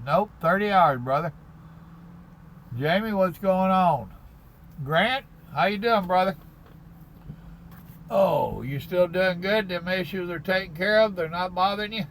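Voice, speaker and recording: A man's voice: a little high, a bit bright, slight background noise, rough recording. A man, a truck driver chatting casually on a live stream and reading viewer comments in a folksy drawl. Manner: folksy, slow drawl, calls people brother. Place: parked in his truck cab at a stop.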